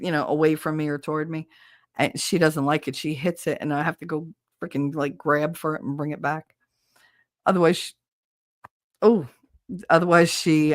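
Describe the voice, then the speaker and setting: This streamer and podcast host, an adult woman with a son, has a voice on the low side and chats casually with live chat, blunt, laughing a lot and cursing frequently. The recording is studio quality with no echo, picked up by an arm-mounted desk mic.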